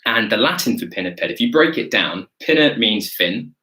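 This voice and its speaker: A man's voice: fairly low pitch, lively intonation, normal speed, sharp tone, rough recording. A man, a zoologist, teaching a live online wildlife lesson in a chatty, enthusiastic way and answering viewer questions as he goes. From Britain.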